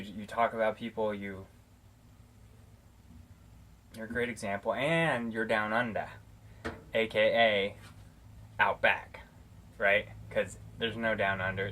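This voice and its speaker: Rambling American man vlogging shout-outs. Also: medium pitch, a little hiss or hum. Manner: rambling, affectionate, lots of fillers. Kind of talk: casual talking-head shout-outs. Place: living in Arizona. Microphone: camera mic, talking straight to camera.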